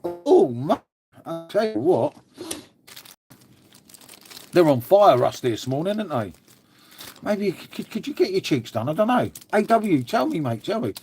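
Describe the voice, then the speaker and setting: An English man talks loosely to his live-stream chat from home, wandering from one thought to the next and dropping in the odd swear word. His voice sits a little high for a man. A faint noise runs under the recording. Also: sing-song, moderate pace, long pauses, a little mellow. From England. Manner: rambling, chatty, swears, reads chat aloud.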